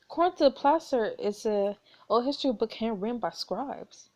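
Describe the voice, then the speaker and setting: A woman's voice: on the high side, lively intonation, moderate pace, a little mellow. A woman reading a story game aloud in a playful, chatty way. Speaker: gaming video creator.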